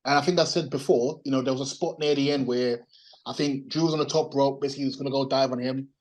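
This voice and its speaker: A man's voice: medium pitch, fairly even intonation, fast, a little mellow, poor audio. A man co-hosting a casual wrestling podcast from home, giving opinionated, rambling takes and searching for words. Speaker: podcast co-host. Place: resting at home.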